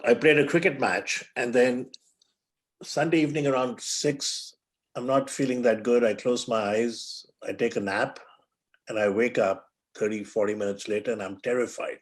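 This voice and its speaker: An older man from India speaks as a guest in an interview, recounting a story from his own life. He is measured and reflective, and his voice sits at an ordinary middle pitch. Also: fairly even intonation. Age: 70s. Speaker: guest, physician and author.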